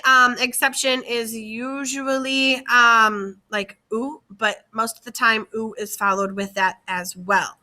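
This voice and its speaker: A woman's voice: fairly high pitch, bright, forceful tone. A woman teacher giving a slide-based lesson, speaking carefully and repeating key words for her students. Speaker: French teacher.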